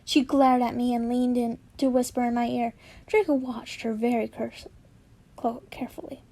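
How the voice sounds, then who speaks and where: A woman's voice: a little high, fairly even intonation, normal speed, dark tone. A young woman reading fanfiction aloud, acting out the characters and often stopping to laugh and comment. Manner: giggly, breaks off to comment and laugh. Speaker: fanfiction reader.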